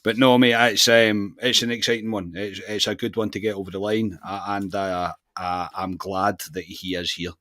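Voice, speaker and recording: A man's voice: lowish voice, flat delivery, moderate pace, hardly any pauses, fairly bright tone, no echo, clean studio sound. A Scottish man co-hosting a football podcast, talking in a casual, matey way with frequent restarts. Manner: chatty, says mate constantly, self-mocking laughs. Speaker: podcast co-host.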